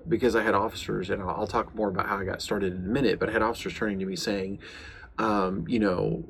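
Deep voiced guy in his 40s, earnest, lots of uhs and restarts, slight noise behind. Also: fairly even intonation, brisk. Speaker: podcast host and police chaplain. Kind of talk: casual podcast monologue.

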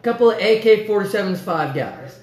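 A man co-hosting a casual podcast chat, telling loud, profane, joking stories. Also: sits high, lively intonation, brisk. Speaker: podcast co-host. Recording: echoey room.

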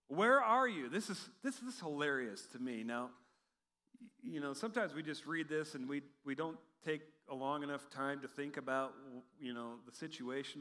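Guy preaching a sermon, high voice, funny and animated, long echo like a church hall. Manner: animated, humorous preaching with acted-out quotes. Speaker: pastor.

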